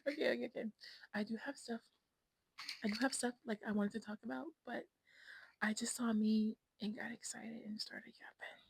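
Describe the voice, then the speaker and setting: A woman's voice: a little high, fairly even intonation, a little fast, vocal fry, breathy edge, no echo, low-quality recording. A woman in her twenties talking casually to her phone camera at home, rambling and frank, often dropping into a whisper. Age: 20s. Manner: rambling, self-absorbed, frank, slips into whispers. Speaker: vlogger. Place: at home indoors.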